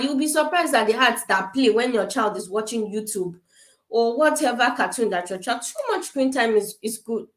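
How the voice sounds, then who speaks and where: A woman from Africa giving quick, emphatic parenting advice in an informal talk, repeating her points. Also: medium pitch, reverberant, rough recording. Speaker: parenting speaker. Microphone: camera.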